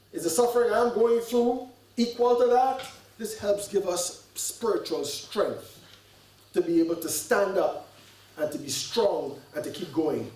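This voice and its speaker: A man's voice: sits high, darkish tone. A man giving an earnest sermon to a gathering, full of rhetorical questions and repeated words as he thinks aloud. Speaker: sheikh giving a religious talk. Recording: echoey hall, mic at a distance.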